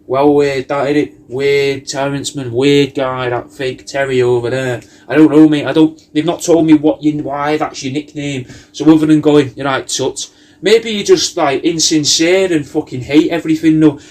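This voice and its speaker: Brief: male comic, pitched a little high, rambling and sweary, spinning absurd tangents. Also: fairly even intonation, moderate pace, hardly any pauses, darkish tone. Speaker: comedian recording a personalised video message.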